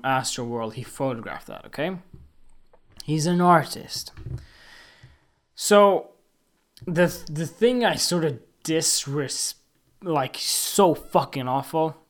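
Man in an indignant, profane rant. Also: fairly high pitch. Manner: indignant, emphatic and profane, with halting restarts. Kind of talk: casual opinion rant to camera.

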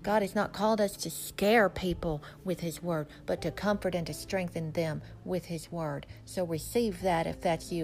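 A woman preaching a sermon, reading scripture slowly and solemnly and building to emphatic, fervent declarations. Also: lowish voice.

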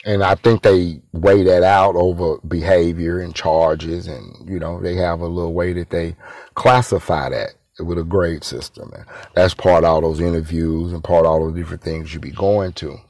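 Deep-voiced man, rambling storyteller. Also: steady tone, normal speed, darkish tone, no room sound. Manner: loose rambling delivery with street slang. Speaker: former inmate telling his story. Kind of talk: casual personal storytelling.

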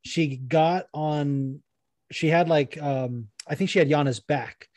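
A man's voice: on the high side, slow, darkish tone, no echo. A young man co-hosting a podcast, chatting casually with lots of swearing, jokes and laughter. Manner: swearing, laughing, joking banter. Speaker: podcast co-host.

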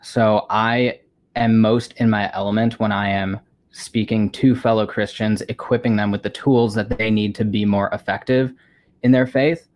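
A man's voice: lowish voice, steady tone, moderate pace, a little mellow. A man answering interview questions over a video call from a home room with bookshelves, thoughtful and often opening with "well, I mean". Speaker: guest, Christian apologist.

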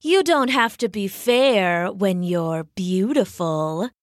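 A woman's voice: medium pitch, animated, slow pace, dry recording, studio quality. A woman voicing a vain, mocking female cheetah who talks in a sneering, purring way. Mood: haughty.

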